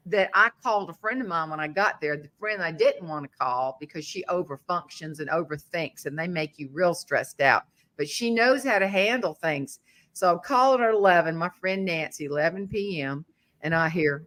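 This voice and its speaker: A woman hosting a relaxed interview chat, telling lively stories. Her voice is bright and forward. She slips into other people's voices as she goes. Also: lowish voice, normal speed. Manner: animated storyteller, acting out voices. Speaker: podcast host.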